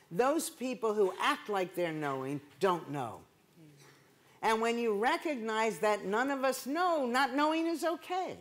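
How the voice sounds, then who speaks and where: Animated woman giving a conference talk. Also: on the high side. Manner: animated, rhetorical asides asking "right?". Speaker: keynote speaker. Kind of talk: conversational lecture. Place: conference hall.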